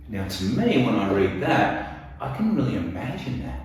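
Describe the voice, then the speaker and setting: A fairly low-voiced man teaches children about writing, talking to them directly and with plenty of animation. He sits a little away from the mic, and the room around him rings with heavy echo. A faint hiss sits under the voice. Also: moderate pace. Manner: animated, addresses kids directly. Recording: echoey room, mic at a distance.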